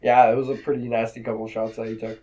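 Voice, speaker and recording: A man's voice: medium pitch, little pitch movement, quick pace, warm tone, dull audio. A young man co-hosting a casual podcast about movies, laid-back and profane, laughing often. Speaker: podcast co-host. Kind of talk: casual movie review chat.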